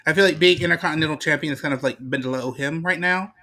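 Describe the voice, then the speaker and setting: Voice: mid-range voice, fast, sharp tone. A podcast co-host giving blunt, joking opinions in casual chat.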